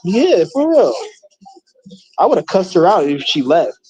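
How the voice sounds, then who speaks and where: A man's voice: sits high, very animated, unhurried, darkish tone, poor audio. A man vlogging in casual chat, rambling and swearing a lot and often restarting his sentences.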